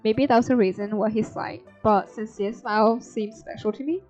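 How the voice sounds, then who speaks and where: A woman's voice: on the high side, steady tone, moderate pace, a little mellow. A young woman streamer reading a story game's text aloud, breaking in with blunt, swearing asides. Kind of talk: reading a visual novel aloud with commentary. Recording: slightly dull stream audio with faint music.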